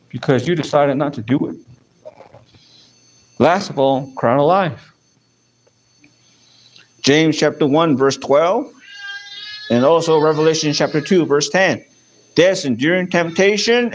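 A man preaching a sermon, animated, punctuating his points with repeated calls of "amen". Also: a little high.

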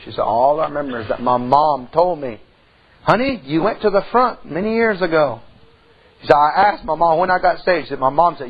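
A man's voice: a little high, lively intonation, a little fast, breathy edge, dull audio. A middle-aged man preaching a sermon in church, telling a folksy story and rising into emphatic calls to the congregation.

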